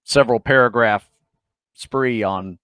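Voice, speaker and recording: A man co-hosting a podcast in a casual, eager way, full of fillers and soft trailing phrases. His voice is mid-pitched, recorded dry and close with no room sound. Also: measured pace, no echo. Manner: enthusiastic, uses fillers, trails off softly. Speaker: podcast co-host. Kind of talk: casual chat.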